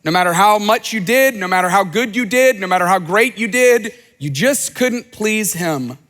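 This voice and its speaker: High-voiced man preaching in a reverberant hall. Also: expressive, moderate pace, fairly bright tone. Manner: earnest preaching, acts out quoted speech. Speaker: pastor. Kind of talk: sermon.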